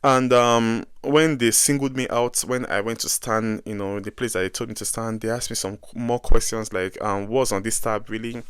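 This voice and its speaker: A man's voice: mid-range voice, normal speed, hardly any pauses, smooth, no echo, studio quality. Exasperated young Nigerian man telling a story. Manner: animated, exasperated storytelling with many asides. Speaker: vlogger. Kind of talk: casual story-time vlog.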